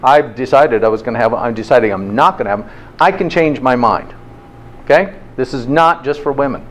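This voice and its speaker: A man's voice: mid-range voice, animated, brisk, a little hiss or hum. A man teaching a health class in an informal, interactive way, often checking in with "okay?". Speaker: health instructor.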